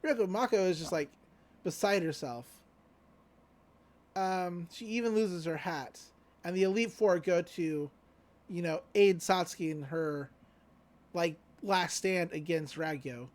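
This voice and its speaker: In a casual recap chat, a podcast co-host loosely retells an anime episode, full of fillers and offhand paraphrased quotes. The voice is medium-pitched with a darkish tone, and the delivery is measured, broken by long pauses.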